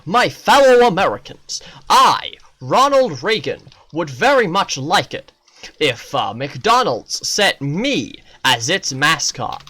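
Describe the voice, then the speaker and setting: A man's voice: a little high, big pitch swings, slow, sharp tone, slightly rough, voice pushed up, exaggerated voice. Brief: a man doing a pompous old president. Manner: pompous, formal speechmaking. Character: mock impression of an elderly male president, stately.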